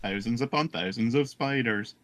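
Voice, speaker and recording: A man's voice: mid-range voice, moderate pace, no room sound. A man joining a let's play as a guest, chatting casually with dry, teasing jokes and frequent laughter. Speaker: guest co-commentator. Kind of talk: casual gameplay commentary.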